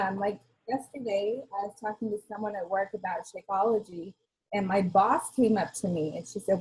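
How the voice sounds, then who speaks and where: A woman on a team call sharing her own story, earnest and halting, with many ums. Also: mid-range voice, steady tone, a little mellow, low-quality recording. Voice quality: husky. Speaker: team member on a coaching call. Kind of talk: personal testimony on a group call.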